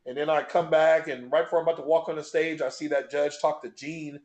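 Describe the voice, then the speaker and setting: A man's voice: a little high, fast talker, few pauses. A middle-aged man, a guest on an interview show, telling a story in a loose, profane way and acting out the moments as he goes. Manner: animated, profane, acts out scenes. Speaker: guest, bench press record holder. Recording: roomy echo.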